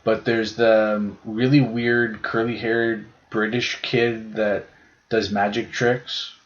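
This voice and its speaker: A man's voice: on the low side, little pitch movement, takes it slowly. A young man co-hosting a podcast, telling rambling stories with lots of swearing. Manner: rambling storyteller, heavy swearing. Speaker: podcast co-host. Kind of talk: casual chat. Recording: dull lo-fi podcast sound.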